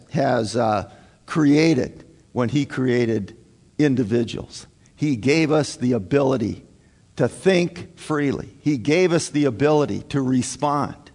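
Slow, emphatic preacher in a reverberant hall. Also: male voice, medium pitch. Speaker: pastor. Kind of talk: sermon.

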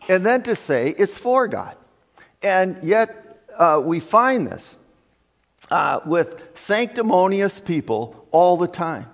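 A man preaching a sermon in a church, emphatic and deliberate, with frequent fillers. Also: sits high. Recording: long reverb of a hall.

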